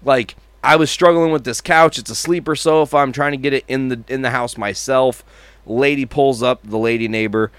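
A man's voice: medium pitch, normal speed, clean tone, no room sound. A man co-hosting a podcast, telling neighbor stories in casual chat, swearing freely and mimicking horn noises. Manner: profane, animated storyteller mimicking horn sounds. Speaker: podcast co-host.

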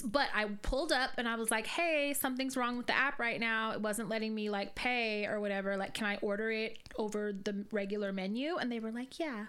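A woman co-hosting a podcast in casual chat, playful and profane, with quick reactions. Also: medium pitch, a bit bright, clean tone. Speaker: podcast co-host.

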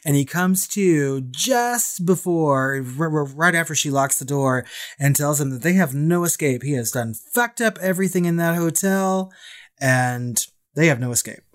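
A man's voice: a little high, expressive, a little slow. A young man co-hosting a podcast, chatting casually about a film with frequent laughs and swearing. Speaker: podcast co-host.

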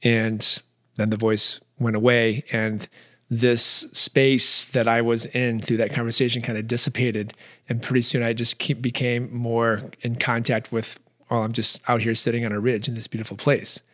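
A man's voice: medium pitch, flat delivery, moderate pace, fairly bright tone. A man hosting a podcast, telling a personal story in a reflective, earnest way with frequent restarts. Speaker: podcast host.

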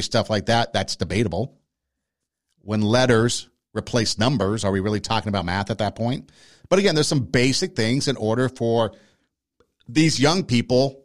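A man hosting a podcast, giving argumentative opinion commentary and speaking straight to his listeners. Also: on the low side. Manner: argumentative, addresses listeners directly. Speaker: podcast host.

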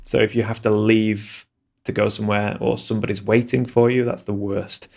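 A man's voice: fairly low pitch, flat delivery, normal speed, gravelly, darkish tone. A man who works as a landscape photographer and video creator, talking in a casual interview in a hesitant, candid way with many restarts.

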